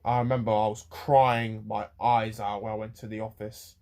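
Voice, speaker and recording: Close to tears, a vlogger rants to camera in a fairly low, level and slightly mellow voice. His speech rambles and stalls, with frequent restarts and repeated words.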